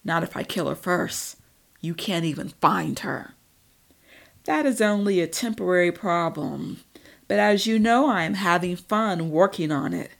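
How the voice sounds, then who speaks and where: A woman's voice: on the low side, gravelly. A woman reading the lines of a scheming, power-hungry male vampire leader in an audiobook, mocking and boastful.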